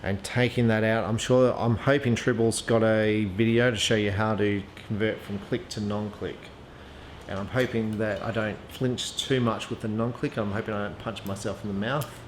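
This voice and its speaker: A man's voice: fairly low pitch, steady tone, moderate pace. A man casually reviewing archery gear, thinking aloud with frequent ums and restarts. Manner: chatty, hesitant, lots of ums and restarts. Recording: echoey room with faint ambient noise.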